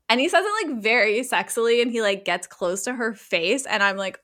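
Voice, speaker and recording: A woman recapping a TV episode in casual podcast chat, animated and frank, swearing freely. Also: on the high side, a little slow.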